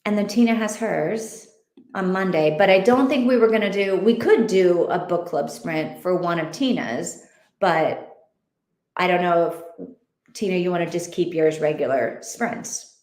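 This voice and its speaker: A woman's voice: fairly low pitch, unhurried, darkish tone. Rambling woman host, echoey room. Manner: rambling, thinking aloud with many fillers. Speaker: host of an online reading group. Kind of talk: casual livestream chat.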